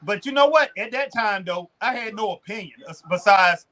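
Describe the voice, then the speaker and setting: High-voiced animated man talking wrestling. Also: normal speed. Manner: animated, drawling, mimics wrestlers in asides. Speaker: wrestling show co-host. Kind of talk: casual chat.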